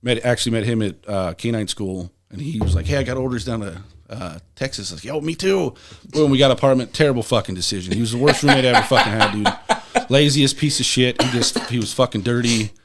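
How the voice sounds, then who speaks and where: A man's voice: mid-range voice, fast talker, very noisy. A young adult man, a podcast guest, telling rambling, profane stories in casual talk. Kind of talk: casual storytelling.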